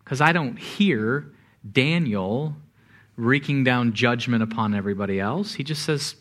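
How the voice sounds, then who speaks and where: A man preaching a sermon as pastor, animated, with repeated words and acted-out quotes. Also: medium pitch, unhurried.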